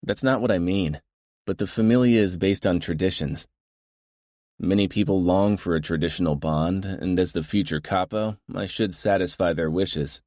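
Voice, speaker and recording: Man voicing a young mafia heir, deep, earnest, proud, dry, audiobook. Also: moderate pace, darkish tone, no echo, close to an everyday voice. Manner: earnest, indignant, matter-of-fact.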